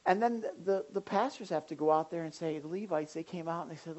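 A woman pastor preaching a sermon in an animated way, now and then acting out the voices of people in the pews. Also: a little high, quick pace, highs cut off. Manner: animated, acts out congregants' voices.

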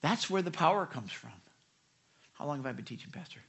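A middle-aged man preaching a sermon, candid and self-deprecating, swinging between loud emphasis and soft asides. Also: fairly high pitch, animated, a little fast, gravelly, husky. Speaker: pastor.

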